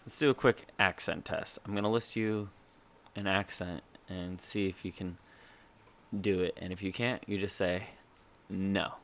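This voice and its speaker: A man's voice: low voice, fairly even intonation, measured pace. A man co-hosting a podcast in casual chat, teasing his friend and laughing often. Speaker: podcast co-host.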